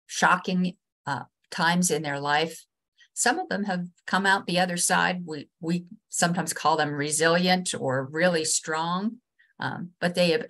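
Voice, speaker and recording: Woman with a West Virginian accent, lowish voice, webinar trainer, earnest, halting restarts, video-call mic. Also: fairly bright tone. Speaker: state ombudsman and trainer.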